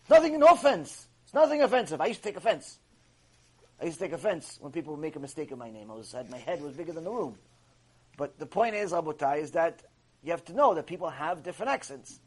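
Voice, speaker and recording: Husky, high-voiced rabbi lecturing. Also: male voice, animated, brisk, long pauses. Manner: emphatic, repeats phrases for stress. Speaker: rabbi teaching a Torah class. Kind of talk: religious lecture.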